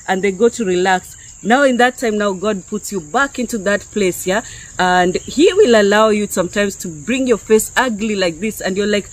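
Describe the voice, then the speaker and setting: A woman's voice: medium pitch, expressive, normal speed, low-quality recording. Woman from Kenya, online preacher, unscripted and chatty, keeps asking "okay?". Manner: conversational, peppered with "yeah?" and "okay?". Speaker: YouTube preacher. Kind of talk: unscripted spiritual teaching to viewers.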